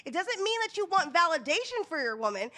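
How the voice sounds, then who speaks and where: A woman with a high, bright voice speaks on a casual panel chat. She tells her story with emphatic, punchy phrasing. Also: big pitch swings, fast. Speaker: panel guest.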